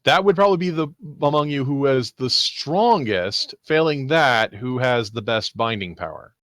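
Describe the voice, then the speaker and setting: Male player, animated pitch, sticks to the rules. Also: moderate pace, no echo, studio quality. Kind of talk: tabletop role-play.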